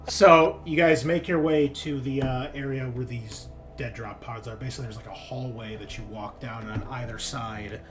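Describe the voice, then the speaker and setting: A man's voice: mid-range voice, steady tone, normal speed, hardly any pauses, soft background music. A man narrating as game master of a tabletop sci-fi game in a casual, easygoing way with frequent fillers.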